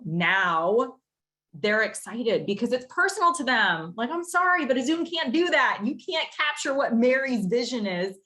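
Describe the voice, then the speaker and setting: A young woman leading her sales team over a video call. She talks in an animated, rambling way and says "like" often. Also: medium pitch. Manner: animated and rambling, heavy use of "like". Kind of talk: casual coaching talk.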